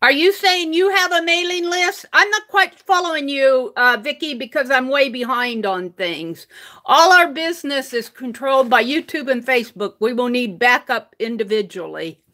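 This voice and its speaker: A woman's voice: high-pitched, moderate pace, bright, forceful tone. An older woman live-streaming her crafting, chatting casually, reading viewers' comments aloud and laughing often. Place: home craft room.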